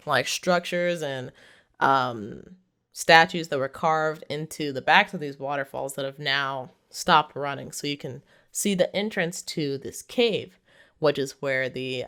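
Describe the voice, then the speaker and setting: In a low, fairly bright, clean voice, a woman who reviews films chats through a movie's storyline. "Like" peppers her speech, and she laughs while telling it.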